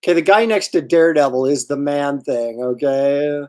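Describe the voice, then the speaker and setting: A man hosting a livestream, telling a casual anecdote in a lively way with halting restarts. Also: a little high. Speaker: host.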